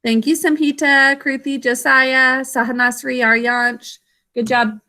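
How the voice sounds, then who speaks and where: Bright-voiced woman teaching on a video call. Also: high-pitched, fairly even intonation. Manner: encouraging, sounds out words slowly. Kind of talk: online class teaching.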